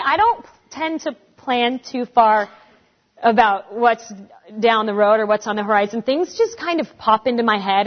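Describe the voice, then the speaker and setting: A woman in her forties answering audience questions in a casual, animated way, acting out the voices of people she quotes. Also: on the high side. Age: 40s. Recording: dull lo-fi recording.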